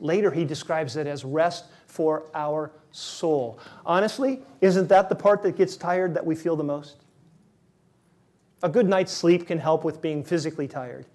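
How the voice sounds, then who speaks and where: A male pastor preaching a sermon, shifting between lively acted-out quotes and soft, slow, quiet lines, with self-deprecating humor. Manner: animated, acts out quotes with rising pitch and volume; self-deprecating humor, laughs at own slips.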